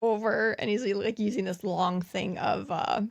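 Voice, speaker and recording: A woman's voice: mid-range voice, steady tone, measured pace, creaky, dry recording. A woman co-hosting a podcast, chatting casually as she recounts movie scenes and acts out short quoted lines. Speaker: podcast co-host. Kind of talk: casual movie recap chat.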